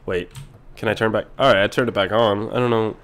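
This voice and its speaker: A young man giving casual let's-play commentary as a gaming host, rambling to himself, excitable and swearing often. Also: on the low side, normal speed.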